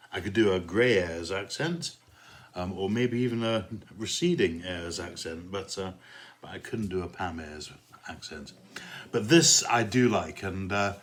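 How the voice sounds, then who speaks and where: A man hosting his own podcast, chatting casually with rambling asides and self-mocking dry jokes, and reading out a comic poem. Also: fairly low pitch. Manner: relaxed, meandering delivery with many fillers. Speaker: podcast host. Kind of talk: casual solo podcast chat and poetry reading.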